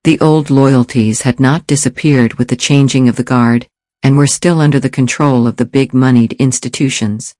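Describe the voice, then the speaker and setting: The thriller audiobook is narrated by a man with a mid-range voice who tells the scripted story in a steady, measured way. There's no echo, and the sound is clean studio quality.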